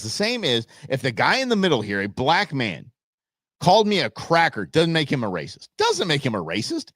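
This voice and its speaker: A man's voice: fairly high pitch, wildly swooping pitch, brisk, fairly bright tone, dry recording, studio quality. A man hosting a live stream, reacting bluntly to a TV clip and rambling with frequent restarts.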